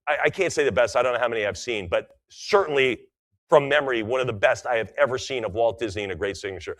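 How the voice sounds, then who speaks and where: A middle-aged man calls a live auction, his voice sitting at an ordinary middle pitch. He chants the bid amounts in quick, repetitive runs, then slips into friendly, enthusiastic remarks before returning to the count. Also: a bit bright. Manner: rapid repeated bid calls mixed with chatty enthusiastic asides.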